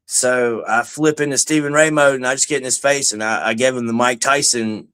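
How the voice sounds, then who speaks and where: A man's voice: mid-range voice, fairly even intonation, a little fast, pushed and bright, clean tone. A man telling street stories in casual chat, swaggering and profane. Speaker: street banjo busker.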